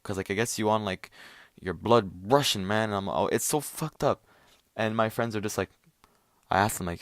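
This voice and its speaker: A young man rambles through a casual solo chat, full of fillers and swearing. His voice sits on the low side. The sound is dry and close. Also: normal speed, dry recording. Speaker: podcast host.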